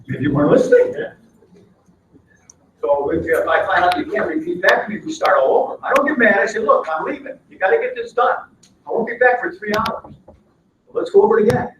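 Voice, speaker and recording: A man leads a live workshop in a high, animated voice, acting out back-and-forth dialogues as he teaches. He is recorded from a distance in an echoey meeting room. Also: a little fast, noisy background. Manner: animated, acts out workplace dialogues. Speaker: workshop trainer. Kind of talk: live training seminar. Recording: echoey room, mic far off.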